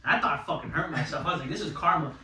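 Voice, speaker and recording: A young man chiming into a shared story in casual chat, excitable and profane. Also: a little high, racing. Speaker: podcast co-host. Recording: echoey room from a distance, chatter behind.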